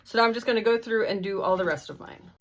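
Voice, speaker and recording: A woman's voice: medium pitch, fast talker. A woman walking through a sewing tutorial step by step, in a friendly, methodical, casual way. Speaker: sewing instructor.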